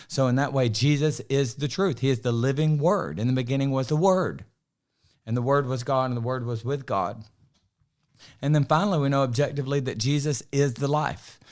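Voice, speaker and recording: A man's voice: medium pitch, a little mellow. Earnest man preaching on a podcast. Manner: earnest, quotes scripture, frequent "right?". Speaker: student podcast co-host. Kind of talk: preaching-style podcast discussion.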